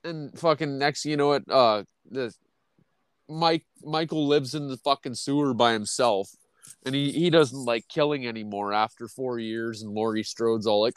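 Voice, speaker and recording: A man's voice: mid-range voice, normal speed, smooth, no room sound. Male podcast host, profane rambling chat, dry close mic. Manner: rambling, heavy swearing, ranting.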